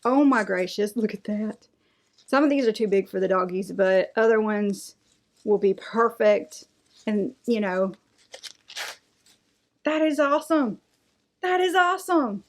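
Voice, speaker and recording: A middle-aged woman, chatting excitedly as she unboxes craft items and reads out prices. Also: mid-range voice, a little slow. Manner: gushing, enthusiastic, reads out prices. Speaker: unboxing vlogger. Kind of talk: casual unboxing chat.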